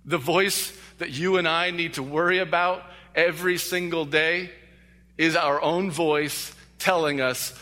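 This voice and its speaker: A man's voice: a little high, steady tone, unhurried, bright, forceful tone. A male pastor preaching a sermon, earnest and emphatic, repeating key phrases. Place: church sanctuary. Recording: long echo of a large hall.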